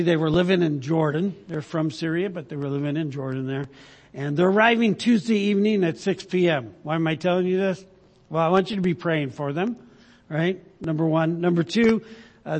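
High-voiced pastor in an echoing hall. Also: male voice. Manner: halting, many fillers, tag questions like "right?". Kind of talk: sermon with a told joke. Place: church.

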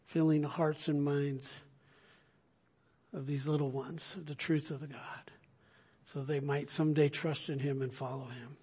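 A man preaching a sermon, emphatic and full of rhetorical questions, swinging between loud urging and hushed, quiet points. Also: a little high, level tone, measured pace, breathy edge. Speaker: pastor.

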